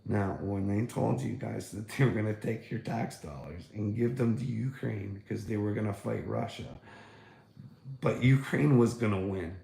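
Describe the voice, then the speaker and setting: A man's voice: on the low side, moderate pace, vocal fry, mellow, roomy sound. A man chatting casually on a livestream, mocking and swearing at viewers and laughing often. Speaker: livestreamer talking to chat.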